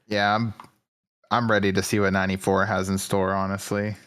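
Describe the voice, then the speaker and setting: An easygoing man co-hosts a podcast, mostly agreeing in casual chat with a lot of hesitant fillers. His voice is on the low side. The sound is dry and close. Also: flat delivery, a little fast, fairly bright tone, clean tone, no room sound. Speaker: podcast co-host.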